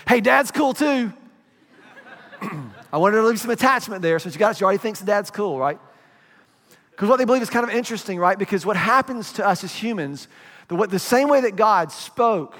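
A man's voice: high voice, a bit bright, big-room sound. A man preaching a sermon as pastor, talking in a conversational way and asking the congregation questions.

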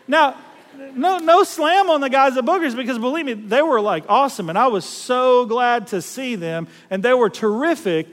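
A middle-aged man from South Louisiana, preaching a storytelling sermon in a folksy, animated way, acting out voices and laughing at himself. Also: extremely high pitch, normal speed, in a large hall.

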